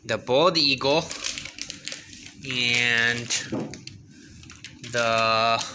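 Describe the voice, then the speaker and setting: A father in a casual home video, gently coaxing his baby to talk with sing-song questions. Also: mid-range voice, very slow, background noise.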